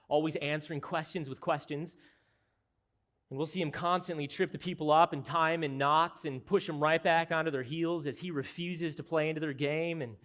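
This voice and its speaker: A man delivers an expository sermon from the pulpit, earnest and emphatic as he explains the text. His voice sits a little higher than most men's. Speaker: pastor.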